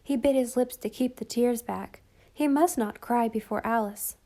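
A woman narrating a storybook in a calm, even way. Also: fairly high pitch, normal speed. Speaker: audiobook narrator.

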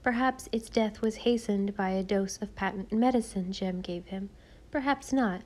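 A woman reading an audiobook, narrating in a measured, expressive storytelling style. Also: medium pitch. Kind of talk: scripted narration.

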